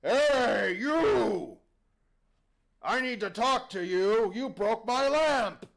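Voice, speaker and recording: A man voicing a huge, overly polite male genie who calls out loudly and apologizes as he goes. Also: very high-pitched, animated, extremely slow, vocal fry, pitched above the performer's own voice, heavily acted. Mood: flustered polite. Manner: apologetic, loud and courteous.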